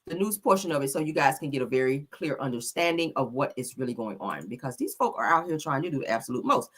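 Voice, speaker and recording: A woman's voice: low voice, sharp tone. A woman hosting a casual gossip commentary channel, talking in a sassy, profane, teasing way to her viewers.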